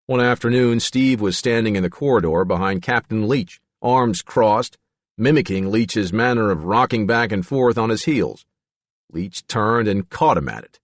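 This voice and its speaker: A man narrating an audiobook in an expressive, measured way. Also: lowish voice, no echo.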